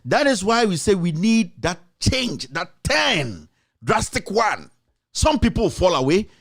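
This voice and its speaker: A Ghanaian man hosting a talk show, his high voice rising as he pushes his point with passion. He repeats his lines and fires rhetorical questions straight at his critics. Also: big pitch swings, a little slow, creaky, fairly bright tone. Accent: Ghanaian English. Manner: passionate, repetitive, rhetorical, addressing critics directly. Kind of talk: impassioned political commentary.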